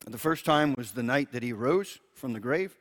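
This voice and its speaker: Gentle man teaching from scripture. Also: mid-range voice, animated, normal speed. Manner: gentle, chuckles often, repeats words when restarting. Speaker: preacher. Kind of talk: Bible teaching, reading scripture aloud.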